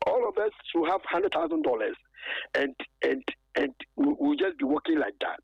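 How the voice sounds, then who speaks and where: A gravelly, husky man talks over a dull, muffled phone line. He stumbles and repeats himself as he airs a grievance, and his pitch leaps up and down. The sound is dry and close. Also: huge pitch swings, dry recording. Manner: halting and aggrieved, stacks repeated words and fillers. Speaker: former footballer calling in. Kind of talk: phone-in interview.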